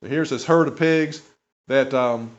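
A pastor with a medium-pitched voice preaches a sermon a little slowly and conversationally, posing rhetorical questions to listeners. The recording is dull and lo-fi.

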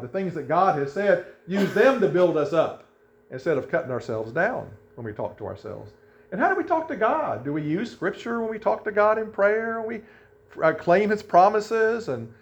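A man's voice: high-pitched, lo-fi sound. A male pastor preaching a sermon, reading scripture aloud and asking the congregation emphatic questions.

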